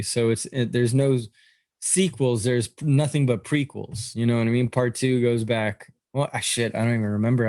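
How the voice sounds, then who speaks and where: A man's voice: mid-range voice, a little mellow, no room sound, studio quality. A man co-hosting a podcast in casual chat, rambling with lots of fillers, restarts and swearing. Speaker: podcast co-host.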